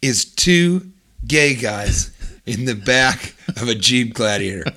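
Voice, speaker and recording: A man with a bright, ringing tone co-hosts a comedy podcast. He tells an improvised, absurd story with a straight face and now and then bursts into loud put-on voices. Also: mid-range voice, animated, slow.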